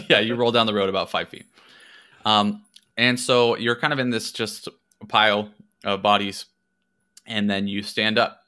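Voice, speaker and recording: Bright-voiced man running a tabletop game. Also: on the low side, steady tone, unhurried, long pauses, clear, resonant tone. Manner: hesitant, full of ums and likes. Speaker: game master.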